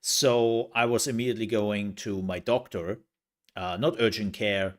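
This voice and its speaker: A man's voice: fairly low pitch, steady tone, a little slow. A young man chatting casually to his livestream viewers, rambling with lots of fillers and laughs. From outside the US, from a country with universal healthcare. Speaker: streamer.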